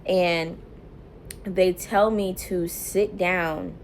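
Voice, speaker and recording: A young woman vlogger telling a personal story casually to camera, animated and laughing often, quoting herself loudly. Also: fairly low pitch, drawn-out words, a little hiss or hum. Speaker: mom vlogger.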